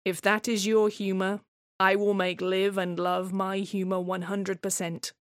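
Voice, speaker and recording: A woman's voice: mid-range voice, little pitch movement, unhurried, no echo, clean studio sound, lightly acted. A woman voicing a petty, self-righteous male neighbour who speaks in stiff, aggrieved, slightly broken phrases.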